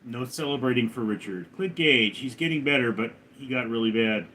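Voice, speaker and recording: A man live streaming, reading viewers' names and questions aloud and answering them in a lower, quieter tone. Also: brisk, a little hiss or hum. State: recovering from a hospital stay. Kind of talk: casual live stream chat.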